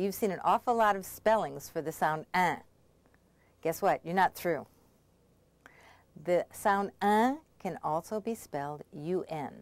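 A woman language instructor giving a scripted pronunciation lesson, explaining patiently and clearly and checking in often. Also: on the low side, darkish tone, dry recording.

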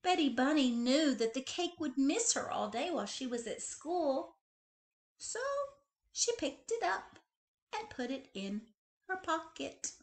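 Woman librarian, slow, lively storybook read-aloud. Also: high-pitched. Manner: expressive, animated storytelling. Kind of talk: reading a picture book aloud.

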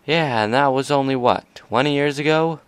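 A man's voice: mid-range voice, moderate pace, clean tone, no room sound, pitched above the performer's own voice, close to an everyday voice. A man reading aloud and voicing a cheerful, easygoing male pegasus pony. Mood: jovial.

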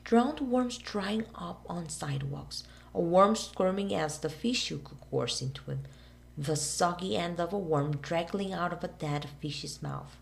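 Low gravelly woman reading a storybook. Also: lively intonation, a little slow. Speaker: reader for a kids' book club. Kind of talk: storybook read-aloud for children.

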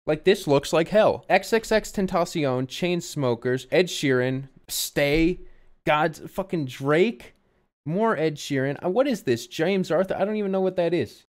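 A young man streaming casual music reaction commentary, profane and incredulous, often breaking into loud outbursts. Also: a little high, animated, a little slow. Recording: song playing faintly behind.

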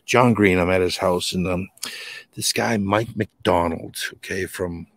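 A man from New England with a Boston accent, a podcast guest telling rambling, animated anecdotes in casual conversation. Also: low-pitched, measured pace, a little hiss or hum. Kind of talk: casual storytelling.

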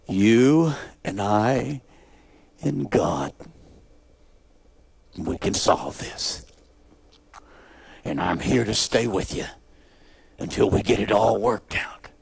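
A tender father figure, warm and unhurried, his voice dropped low and hushed until it is nearly a whisper, as a preacher puts him on. There is a gravelly grain under the softness, and the sound is close and dry. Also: expressive, no room sound, exaggerated voice. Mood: reassuring. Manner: soft, hushed, slow and low. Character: gentle, tender middle-aged father and pastor.

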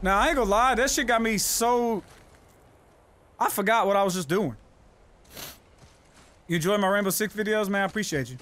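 A man streaming a live game, commenting loudly with lots of swearing and yelling during fights. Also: high-pitched, normal speed, long pauses, slight background noise. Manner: loud, profane, yells during fights. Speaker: gaming streamer.

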